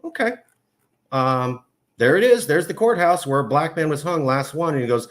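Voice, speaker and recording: A man hosts a casual podcast interview at normal speed, speaking animatedly in long rambling runs packed with fillers. When he gets worked up, his pitch jumps high.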